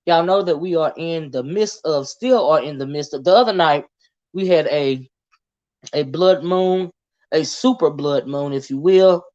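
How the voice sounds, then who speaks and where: A woman's voice: low-pitched, a little mellow. A woman hosting a casual livestream and greeting her viewers by name in a folksy, chatty way. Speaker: livestream host. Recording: dull lo-fi stream audio.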